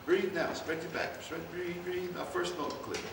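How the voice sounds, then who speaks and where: A man conducting a wind band rehearsal, giving brisk instructions and singing phrases aloud. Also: high-pitched, flat delivery, vocal fry, over loud music. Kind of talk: rehearsal coaching. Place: rehearsal hall. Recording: echoey hall, distant mic, band playing.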